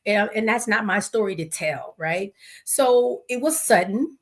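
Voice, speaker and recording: A woman's voice: lively intonation, unhurried. A woman hosting her own show, telling a heartfelt personal story in a casual, conversational way, acting out the quotes of others. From Los Angeles area. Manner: conversational, acts out quotes with pitch swings. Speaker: podcast host.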